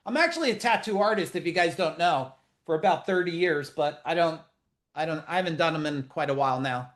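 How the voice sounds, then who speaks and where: A man's voice: on the high side, fairly quick. A middle-aged man hosting a live business webinar over a video call, talking casually, bluntly and profanely with lots of jokes. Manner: blunt, profane, animated and joking.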